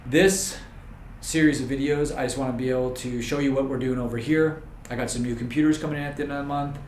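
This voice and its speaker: A man who runs a videography business talks casually to the camera in a vlog, easygoing and rambling with jokes along the way. His voice is medium-pitched, steady, fast, and darkish in tone. The recording is roomy, with slight background noise and faint ambience.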